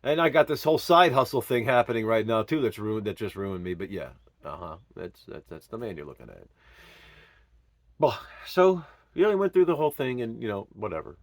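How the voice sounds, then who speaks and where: A man telling his own story in an earnest, emotional way, swinging from loud pleading to hushed murmurs. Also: on the low side, expressive, brisk, no echo. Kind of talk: personal storytelling monologue.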